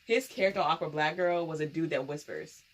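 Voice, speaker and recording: A young woman hosting a casual TV recap, animated and quick to laugh as she acts out scenes. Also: deep voice. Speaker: recap show host.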